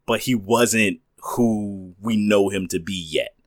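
A man's voice: lowish voice, takes it slowly, no echo, studio quality. A man co-hosting a podcast, chatting about movies in a laid-back, agreeable way. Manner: laid-back, agreeable, short replies and laughs. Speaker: podcast co-host. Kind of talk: casual movie chat.

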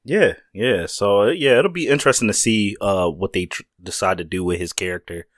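A man's voice: lowish voice, fairly quick, no echo. A man co-hosting a casual podcast chat about TV shows, easygoing and agreeable with hesitant fillers. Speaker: podcast co-host.

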